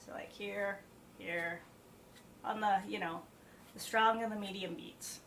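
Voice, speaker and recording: A woman's voice: mid-range voice, steady tone, measured pace, fairly bright tone. A woman, a piano teacher talking casually through a practice session, thinking aloud with fillers and asides. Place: home practice room with piano. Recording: roomy practice room, faint background noise.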